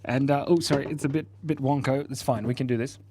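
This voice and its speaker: A man's voice: medium pitch, steady tone, fast, mellow, slightly rough, dry recording. A man hosting a casual live stream, chatting playfully and laughing while he draws and reads out viewer comments. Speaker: livestream host.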